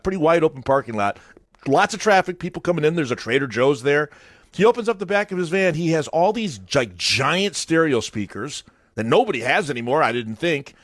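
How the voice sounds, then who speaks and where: A male radio host chatting casually on a morning show and telling a story with lively acted-out voices. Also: a little high, no room sound, studio quality. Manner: animated storytelling, acts out voices.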